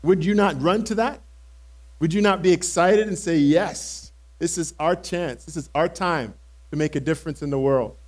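A pastor playing eager impulsive apostle Simon Peter. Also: male voice, a little high, normal speed, a little mellow, natural voice. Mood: excited. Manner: earnest, emphatic, speaks directly to the congregation. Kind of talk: first-person dramatic sermon monologue. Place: church service held in a cinema auditorium.

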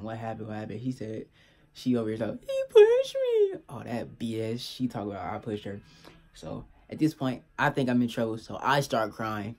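Gravelly young man telling a storytime. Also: fairly low pitch. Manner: laid-back slangy storytelling, keeps asking "you feel me". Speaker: vlogger. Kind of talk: casual storytime vlog.

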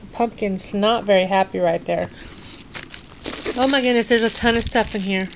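A woman's voice: medium pitch, moderate pace, creaky, noisy background. Drowsy woman unboxing crafts at home. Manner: drowsy, sluggish and tongue-tied. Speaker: vlogger unboxing a craft package. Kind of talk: casual unboxing chat. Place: dim room at home.

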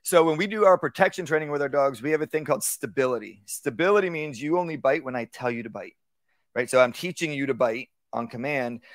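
A man teaching a live workshop on dog training, talking casually and acting out calm, low commands to a dog. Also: no echo. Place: outdoor workshop.

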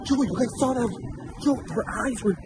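A man acting scared in an outdoor park for a prank vlog, excitable and swinging between hushed and loud. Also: very high voice, normal speed, noisy background. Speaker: vlog co-star.

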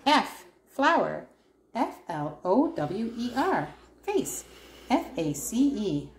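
A woman's voice: fairly high pitch, sing-song, takes it slowly, slight background noise. A woman reading a first-words workbook aloud to her child, spelling out words letter by letter in a sing-song way. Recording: roomy echo.

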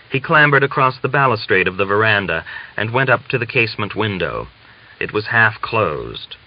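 A man narrating a novel as an audiobook reader, measured and even. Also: low voice. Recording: dull lo-fi audiobook recording.

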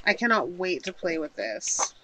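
A woman's voice: lowish voice, animated, normal speed, heavy background noise. A woman chatting casually while unboxing a shopping haul at home, gushing and thinking aloud as she unpacks. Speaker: haul vlogger.

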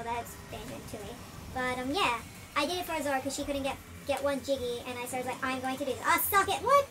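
An Australian woman host giving chatty, excitable let's-play commentary, her voice sped up to a chipmunk pitch. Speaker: gaming channel host.

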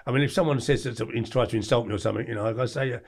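Brief: English man, 40s, interview guest, rapid, blunt storyteller, mid-pitched. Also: creaky. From England. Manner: blunt, animated storyteller who acts out quoted lines. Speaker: podcast guest.

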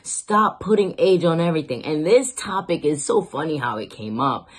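A woman's voice: sits low, expressive, moderate pace, husky. A woman giving an emphatic, slangy motivational talk, cursing freely as she urges listeners on. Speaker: motivational speaker.

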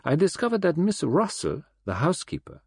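A man voicing a fussy, self-important male detective who speaks gravely and sternly, read for an audiobook. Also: a little high, huge pitch swings, fairly quick, a little mellow, no room sound, studio quality, voice pushed up, heavily acted. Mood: lecturing.

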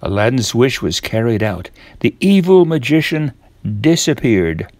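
An older man reading a fairy tale aloud to children in a gentle, measured way. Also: mid-range voice, sing-song, no room sound. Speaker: storyteller.

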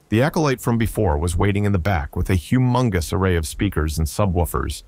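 A man narrating a science fiction story with a steady, even delivery. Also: low voice, fairly quick, hardly any pauses, no room sound. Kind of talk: scripted narration.

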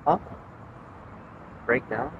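A young man on a nighttime ghost hunt, asking spirits questions in a teasing, joking way. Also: very slow. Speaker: ghost-hunting vlogger. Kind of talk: casual paranormal investigation chat. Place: outdoors at night near a school. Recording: dull lo-fi recording with clear street noise.

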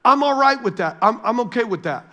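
A middle-aged man preaching to his church congregation as pastor, animated and joking with the crowd. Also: very high voice, a little fast. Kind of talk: sermon. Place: large church hall.

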